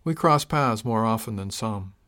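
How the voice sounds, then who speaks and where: A man's voice: fairly low pitch, expressive, normal speed, fairly bright tone. A man reading an audiobook, voicing a wary, earnest young male spacer who answers in hesitant, clipped replies. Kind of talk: audiobook character voice.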